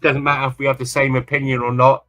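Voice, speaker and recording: A man's voice: mid-range voice, completely flat delivery, fast, a bit bright, lo-fi sound, soft background music. A man from England, co-hosting a livestream in rambling, casual chat and repeating himself often. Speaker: livestream co-host.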